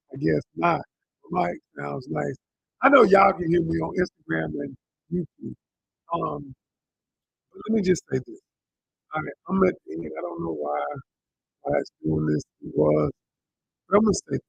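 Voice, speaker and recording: A man's voice: on the high side, vocal fry, breathy edge, no room sound, dull audio. A relationship coach, a man, telling a personal story on a live stream and talking straight to his viewers in an emotional way, into a handheld mic. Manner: emotional, addresses viewers directly as y'all. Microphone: handheld microphone.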